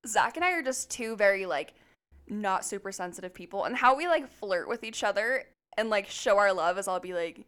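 A woman's voice: mid-range voice, moderate pace, clear, resonant tone. A young woman co-hosting a podcast, telling a story in casual chat, swearing a lot and laughing as she goes. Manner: laughing, profane, animated storyteller. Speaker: podcast co-host.

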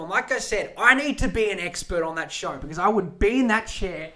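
A man's voice: high-pitched, expressive, fairly quick, pushed and bright. A man hosting a podcast alone, ranting in a profane, rambling, emphatic way. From Australia. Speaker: podcast host. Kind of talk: solo podcast rant.

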